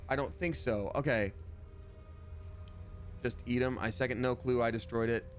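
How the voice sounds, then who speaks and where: A man's voice: mid-range voice, fairly even intonation, normal speed, faint music behind. A man in his thirties chatting casually while playing a video game live, reading chat aloud and slipping into playful voices.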